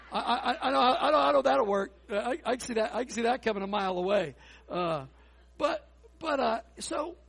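Male pastor, high husky tenor, folksy animated sermon delivery. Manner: folksy, animated preaching with quick asides. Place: church sanctuary.

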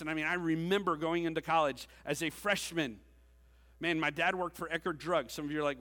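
A man's voice: on the high side, fast talker, a bit bright, big-room sound. A middle-aged man, giving a joking, self-deprecating sermon-style talk to graduating seniors. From Georgia, USA. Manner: joking, self-deprecating, with frequent "okay?" asides. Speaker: teacher and speaker at a senior ceremony. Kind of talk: conversational sermon-style address.

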